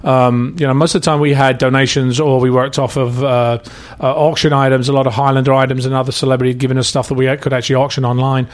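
A man's voice: mid-range voice, little pitch movement, fast talker, few pauses. A middle-aged man from England, a charity founder and actor, talking in a casual interview with many restarts and fillers.

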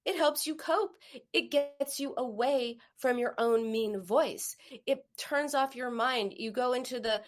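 A woman's voice: sits high, unhurried. A woman hosting a live-streamed self-help talk, speaking earnestly in a coaching manner and now and then acting out a harsh inner voice. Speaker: host of a live stream on emotional eating.

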